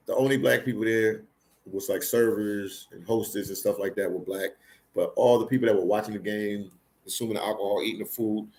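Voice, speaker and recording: A man's voice: lowish voice, darkish tone. A man hosting a livestream, telling stories casually, repeating phrases and speaking with emphasis. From Philadelphia, United States. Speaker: livestream host. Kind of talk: casual live storytelling.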